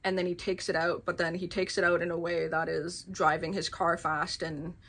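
A woman giving a casual, rambling book review, full of filler words and quick laughs. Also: fairly low pitch, little pitch movement, a bit bright. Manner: chatty, rambling, many filler "like"s, laughs often.

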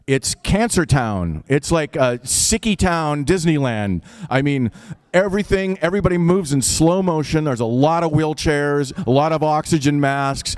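A man's voice: a little high, clean tone, no room sound. A man with an Upper Midwest accent telling a personal story live, in a casual, wry, profane way.

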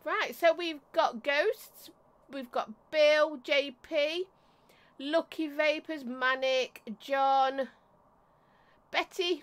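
A woman whose voice sits high speaks slowly while hosting a casual live stream from home. A vape reviewer, she's chatty and affectionate, greets viewers by name, and often coughs and clears her throat.

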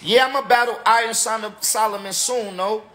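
This man speaks at a normal pace, his high voice pushed and bright. He's a battle rapper who's had a few drinks, ranting casually on a livestream with lots of slang, repetition and emphasis.

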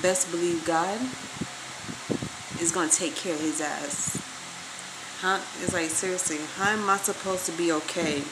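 A woman's voice: on the low side, steady tone, a little slow, pauses often, background noise. A woman vlogging to her viewers, venting emphatically and swearing freely as she talks straight to the camera. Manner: emphatic, profane, addresses viewers directly.

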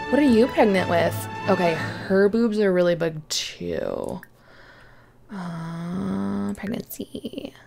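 A young woman casually chatting over her game as a YouTuber, excitable and often dropping to a whisper. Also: fairly high pitch, creaky. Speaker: gaming YouTuber. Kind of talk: casual let's-play commentary.

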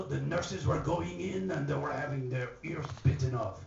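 A man's voice: a little high, moderate pace, creaky, darkish tone, a little hiss or hum. A man telling a rambling joke live in a pub, slipping into mock French lines. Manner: rambling anecdotal delivery with mock French phrases. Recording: distant, roomy, dull live pub recording.

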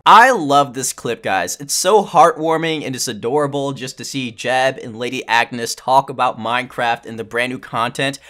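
A young man hosting a gaming channel, talking in an excited, hyped-up casual commentary. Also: medium pitch, normal speed, hardly any pauses. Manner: hyped, enthusiastic. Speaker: gaming YouTuber.

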